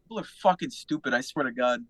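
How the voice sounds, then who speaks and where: A man's voice: mid-range voice, animated, fast. A man hosting a podcast, giving short, profane, laughing reactions in casual chat. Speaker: podcast host.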